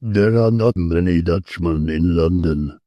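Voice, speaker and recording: A man voicing a huge, bold old Dutchman who speaks slowly, with a strong guttural accent. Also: lowish voice, animated, dry recording, highs cut off. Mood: grim. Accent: strong guttural foreign accent.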